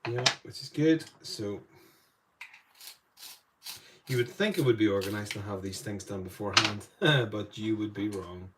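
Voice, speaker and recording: A man's voice: fairly low pitch, unhurried, pauses often, background noise. A man with a Northern Irish accent, chatting casually as he runs a live painting demo and greets viewers by name. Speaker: art tutor streaming live.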